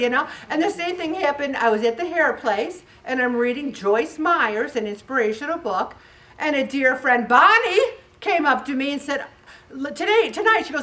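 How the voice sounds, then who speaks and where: Bright-voiced woman in her sixties telling stories. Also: fairly high pitch, a little fast, far from the mic. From Syracuse, New York. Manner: lively storyteller, acts out dialogue. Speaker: weight loss group leader. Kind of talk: casual inspirational talk.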